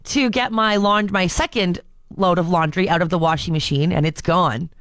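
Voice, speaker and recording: A woman's voice: on the low side, normal speed, fairly bright tone, dry recording, studio quality. A young woman co-hosting a casual podcast, telling a story with frequent laughs and restarts. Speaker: co-host. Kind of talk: casual chat.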